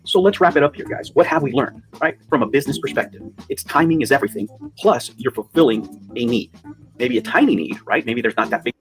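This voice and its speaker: Fast-talking man summing up a debate. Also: medium pitch, very animated, soft background music. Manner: fast, lecturing, sums up points. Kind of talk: casual livestream commentary.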